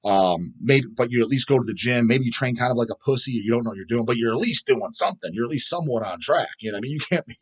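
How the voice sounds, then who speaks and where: Fast-talking profane man in his thirties. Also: mid-range voice, breathy edge. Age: 30s. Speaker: channel host reading comments. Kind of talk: casual profane vlog rant.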